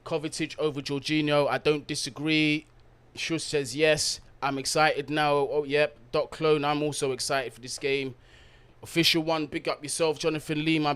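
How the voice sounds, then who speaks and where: An upbeat man hosts a live-stream chat, reading out comments from his viewers and giving them shout-outs in street slang. His voice sits a little above the usual pitch for a man, easygoing and friendly. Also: clear, resonant tone. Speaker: football watch-along streamer.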